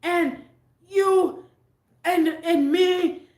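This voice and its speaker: A woman putting on the voice of a drunk, furious man who rambles, shouts and pleads. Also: high-pitched, measured pace, reverberant. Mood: ranting. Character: drunk furious man ranting at his family.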